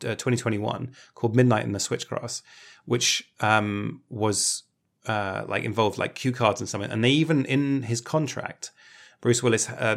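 A man's voice: fairly low pitch, creaky. A man co-hosting a podcast in casual chat, talking with many ums and restarts. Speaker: podcast co-host.

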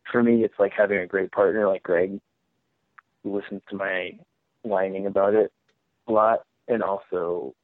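A man talks candidly as a podcast guest, wandering through his thoughts, restarting sentences and chuckling between them. His voice sits on the lower side and comes through a tinny, phone-like line. The sound is dry and close, with no room around it. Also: fairly even intonation, normal speed, no room sound. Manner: rambling, self-interrupting, laughs often. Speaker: comic book writer guest. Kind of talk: candid conversational storytelling.

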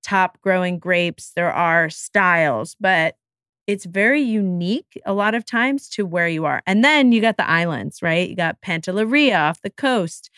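A woman's voice: on the low side, unhurried, a bit bright, clean tone, dry recording, clean studio sound. A woman hosting a podcast, talking casually and with enthusiasm, with self-deprecating asides. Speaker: podcast host. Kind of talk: casual solo podcast talk.

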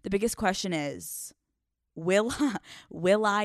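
A young woman hosting a casual vlog-style podcast, excitable and profane, laughing often as she talks. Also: medium pitch, takes it slowly, no echo, clean studio sound. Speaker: podcast host. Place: hotel room.

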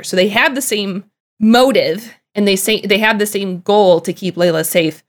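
A young woman co-hosting a casual podcast about a TV show, chatty and full of "like" fillers, with animated bursts. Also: medium pitch, moderate pace. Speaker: podcast co-host.

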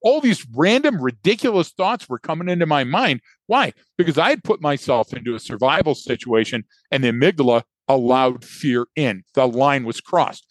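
Animated man telling a story. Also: mid-range voice, moderate pace, few pauses, no echo. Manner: animated storyteller who acts out his own thoughts. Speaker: podcast co-host. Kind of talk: casual conversational storytelling.

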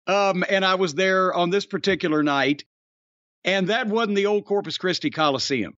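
A man's voice: high voice, normal speed, fairly bright tone, no echo, highs cut off. An older man hosting a podcast, telling opinionated, profane stories in casual chat. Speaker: podcast host.

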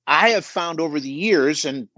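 A middle-aged man coaching on a podcast, emphatic and animated, asking rhetorical questions as he talks. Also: a little high, moderate pace, no echo. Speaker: auto shop business coach guest. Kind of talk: podcast conversation.

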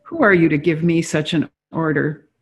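A reader voicing a man in a horrific vision who is appalled and refuses what is asked of him, read in a slow, measured way. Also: mid-range voice, close to an everyday voice. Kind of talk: reading dialogue aloud from a book.

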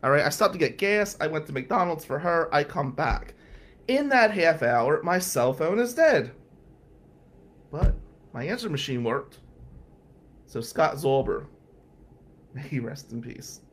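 A man telling a story on a radio talk show, animated and acting out the voices of the people he quotes. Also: a little high, measured pace, long pauses. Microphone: studio microphone.

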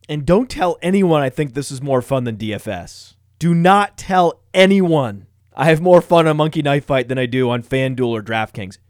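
A man hosting a fantasy football podcast, reading ads in a boastful, self-mocking, energetic way. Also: fairly high pitch, no echo, clean studio sound. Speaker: podcast host.

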